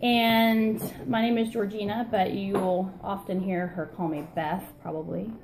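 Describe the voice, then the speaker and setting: A woman's voice: medium pitch, level tone, unhurried, very noisy. A woman co-hosting a casual vlog, from Florida, telling a rambling, chatty story about herself and her sister. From Florida, USA. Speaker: vlog co-host. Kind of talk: casual chat.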